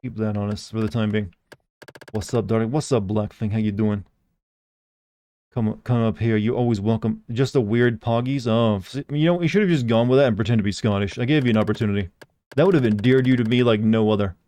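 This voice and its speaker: A man's voice: lowish voice, fairly even intonation, fairly quick, warm tone. A young man casually commenting while he plays a game on a live stream, rambling and reading chat messages aloud.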